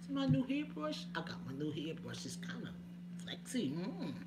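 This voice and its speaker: A chatty woman on a home live stream talks to her viewers by name, laughing between remarks. The recording carries a clear hiss of background noise. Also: on the low side, wildly swooping pitch, moderate pace.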